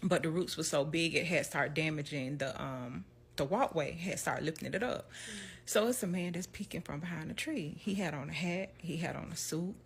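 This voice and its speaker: Animated woman telling a story. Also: sits low, normal speed, husky. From Southern US. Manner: animated, laughs often, acts out quotes. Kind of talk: storytime vlog.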